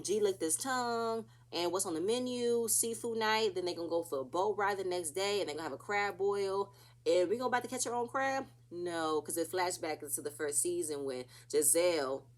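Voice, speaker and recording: A woman casually recapping a reality TV episode, chatty and opinionated, acting out what the cast said. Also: lowish voice.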